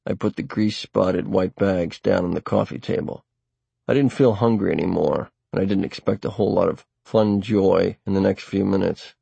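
A man reading a first-person novel aloud in a wry, dry, deliberate way. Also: deep voice, creaky, mellow, slightly rough, no room sound. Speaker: audiobook narrator. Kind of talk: first-person audiobook narration.

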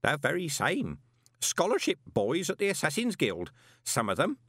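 A man's voice: fairly high pitch, wildly swooping pitch, moderate pace, fairly bright tone, husky, no echo, studio quality, voice pushed up, heavily acted. A man voicing a fussy old male postal worker who babbles and quavers. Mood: babbling. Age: older.

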